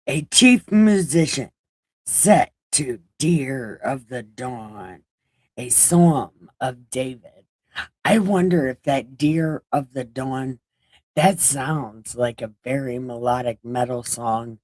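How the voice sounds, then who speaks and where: Woman with a runny nose, slow-paced and irreverent, reads scripture on a stream; dry, close recording. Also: very deep voice, animated, a little mellow, dry recording. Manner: jokey, irreverent, swears casually. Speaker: online Bible reader. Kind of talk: casual livestream scripture reading.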